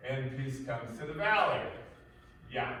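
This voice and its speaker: A man's voice: on the low side, a little slow. A male instructor lectures his class in a loose, rambling way, full of "you know" and restarts. His mid-range voice bounces around a very echoey room. He is picked up from a distance over faint background noise. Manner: rambling, conversational, many fillers and restarts. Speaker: martial arts and life-skills instructor.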